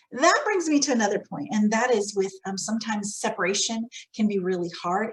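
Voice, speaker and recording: A woman's voice: medium pitch, rough recording. A woman training early childhood teachers, giving practical advice in a conversational way. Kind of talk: professional development talk.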